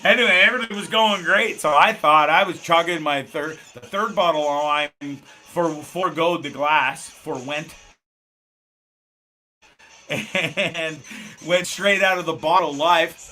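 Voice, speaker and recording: A middle-aged man hosts a loose live stream, rambling, cursing and chuckling as he goes. His voice is bright and a touch higher than most men's. Soft music runs faintly behind him. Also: measured pace. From Canada. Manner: rambling, profane, laughs often, many restarts. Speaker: host of a live show. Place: small home studio. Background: faint background music.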